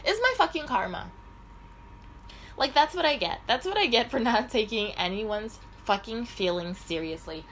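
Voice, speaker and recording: A woman's voice: a little high, animated, normal speed, fairly bright tone, slight background noise, rough recording. A middle-aged woman telling a rambling, profanity-heavy personal story in a casual vlog. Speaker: vlogger.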